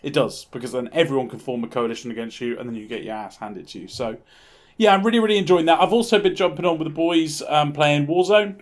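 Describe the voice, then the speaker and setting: A man co-hosting a gaming podcast, chatting casually in an animated, rambling way and laughing easily. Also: a little high, fast talker. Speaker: podcast co-host.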